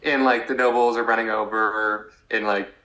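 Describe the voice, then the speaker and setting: A man's voice: on the low side, steady tone, normal speed, bright, forceful tone, muffled recording. A young man co-hosting a podcast, chatting casually and acting out characters' lines with lots of filler words. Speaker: podcast co-host. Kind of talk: casual recap chat. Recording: echoey room.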